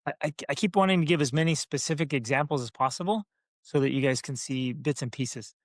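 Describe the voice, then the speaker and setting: A man co-hosting a parenting talk, telling a family story in a lively, playful way. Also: mid-range voice, fast talker, no room sound, studio quality. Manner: animated, acts out family voices. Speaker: parenting podcast co-host. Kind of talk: casual storytelling.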